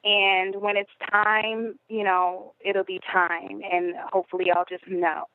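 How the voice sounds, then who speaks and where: A woman's voice: mid-range voice, flat delivery, measured pace, no room sound. A woman as a podcast guest, telling a personal story in a rambling, conversational way with many fillers. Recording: phone-like narrow audio.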